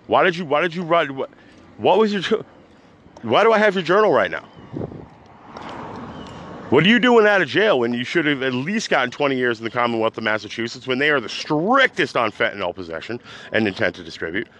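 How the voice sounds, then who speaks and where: An agitated man rants on his own podcast, rambling and restarting as he swings between loud outbursts and low mutters. His voice sits mid-pitched. A faint hum of ambience runs behind him. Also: very animated, fairly quick. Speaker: podcast host. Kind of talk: unscripted rant.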